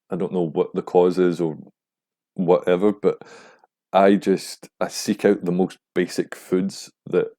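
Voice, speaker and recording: A young man hosting a podcast, rambling casually and swearing, getting animated when he mimics other people. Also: deep voice. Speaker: podcast host. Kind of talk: casual monologue.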